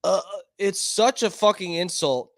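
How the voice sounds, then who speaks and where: A man with a high voice delivers a heated, profanity-laced rant at an unhurried pace. He circles back over the same points and swears constantly. The sound is dry and close, with no room echo. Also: animated, a bit bright. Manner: angry, profane, repetitive. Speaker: online commentator.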